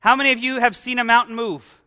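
A man's voice: extremely high pitch, steady tone, fast talker, pushed and bright. A man preaching a sermon as pastor, talking conversationally and asking the congregation questions.

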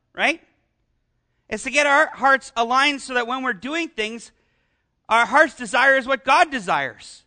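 Male pastor, high and bright, conversational sermon delivery with questions to the congregation.

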